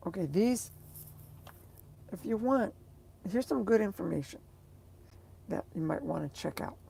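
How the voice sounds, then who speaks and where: A woman's voice: medium pitch, lively intonation, measured pace, vocal fry, dark tone, a little hiss or hum. A woman vlogger chatting casually to her viewers, rambling and hesitant as she searches for words.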